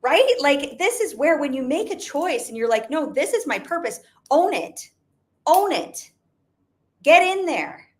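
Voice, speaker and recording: A woman's voice: high voice, big pitch swings, normal speed, few pauses. A young adult woman giving an emphatic motivational talk, repeating her points and using "like" often. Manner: emphatic, repetitive, frequent "like". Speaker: network marketing business owner.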